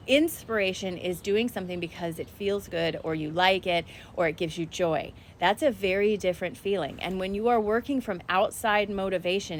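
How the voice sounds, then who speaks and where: A woman's voice: fairly low pitch, slight background noise. A woman talking casually to her viewers in a spiritual energy update, chatty and direct.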